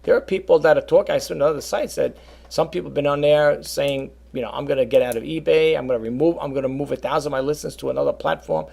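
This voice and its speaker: A man talking casually to his viewers about reselling, rambling and animated, often calling them folks. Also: a little high, fast, vocal fry, husky. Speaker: reseller vlogger. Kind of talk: casual talk to camera.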